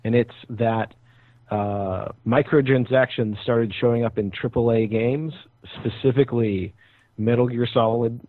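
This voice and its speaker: A man's voice: medium pitch, fairly even intonation, a little slow, dry recording. Guy calling into a gaming podcast, muffled tinny line, kinda hesitant. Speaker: podcast co-host. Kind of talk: casual gaming podcast chat. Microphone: online call. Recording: muffled tinny online call.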